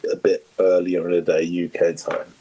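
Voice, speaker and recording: A man's voice: low-pitched, completely flat delivery, moderate pace, gravelly, mellow, a little hiss or hum, poor audio. A man chatting as a panelist on a stream, hesitant and repeating words as he thinks aloud. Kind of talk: casual live-stream chat.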